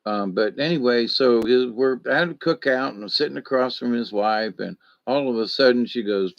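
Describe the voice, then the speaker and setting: A man's voice: medium pitch, moderate pace, creaky, no echo, dull audio. A man hosting a casual solo live stream who rambles, swears freely, answers chat comments and acts out anecdotes with sound effects.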